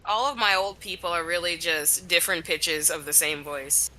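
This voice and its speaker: A woman's voice: on the low side, moderate pace, sharp tone, slight background noise, rough recording. A woman chatting casually while playing a game, with dry, laughing reactions. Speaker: co-host. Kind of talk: casual chat while gaming.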